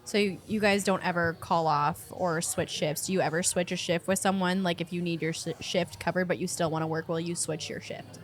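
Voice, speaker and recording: A woman's voice: lowish voice, fairly even intonation, a little fast, few pauses, faint music behind. A woman co-hosting a podcast, asking curious follow-up questions in casual chat. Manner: curious, asks follow-ups. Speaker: podcast co-host. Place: restaurant.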